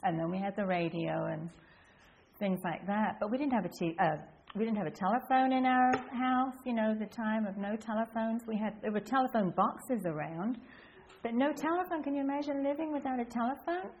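A woman's voice: a little high, a little fast. Older woman on a tinny line. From England (Essex). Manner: rambling, self-correcting, reflective. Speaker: storyteller. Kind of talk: casual reminiscing monologue. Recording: tinny phone-like line with faint hiss.

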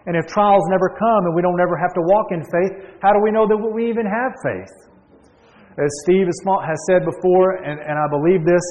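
A man preaches a storytelling sermon in a voice pitched a little high, stressing points and restarting phrases as he goes. His voice carries a long reverb, as if in a large hall. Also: a little mellow, dull audio. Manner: storytelling, with emphatic repeats and restarts.

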